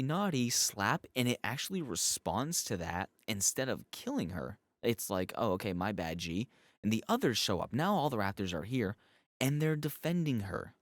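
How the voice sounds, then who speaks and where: A young man casually recapping and reviewing a show episode, animated and profane, with joking asides. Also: fairly low pitch, dry recording, clean studio sound.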